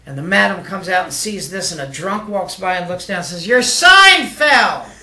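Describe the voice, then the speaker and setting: A joke teller spinning rambling shaggy-dog jokes in a casual voice, dropping fillers and asides as they go. The tone is bright and clear. The sound is roomy and echoey. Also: medium pitch, brisk. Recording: echoey room.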